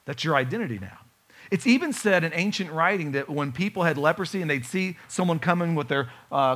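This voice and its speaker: A man preaching a sermon, animated and full of rhetorical questions to his congregation. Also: on the high side. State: has a bad knee. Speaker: pastor.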